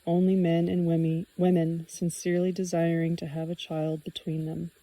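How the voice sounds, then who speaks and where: A woman voicing a joyful young woman of the forest in an audiobook reading, with a gentle, sing-song delivery. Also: on the low side, flat delivery, moderate pace, close to an everyday voice, low-quality recording.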